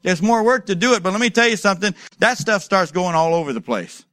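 A man's voice: sits high, lively intonation, quick pace, dry recording. Preaching man, emphatic and dry-sounding. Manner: preaching, emphatic and rising to loud exhortation; storytelling with acted asides and rhetorical questions. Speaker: pastor. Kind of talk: sermon.

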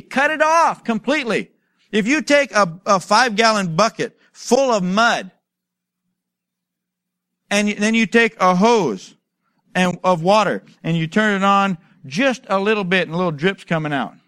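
A man preaching a sermon, telling stories and asking rhetorical questions, building to loud, emphatic exhortation. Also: high-pitched, expressive, unhurried, dry recording, clean studio sound. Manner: storytelling with acted asides and rhetorical questions. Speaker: pastor.

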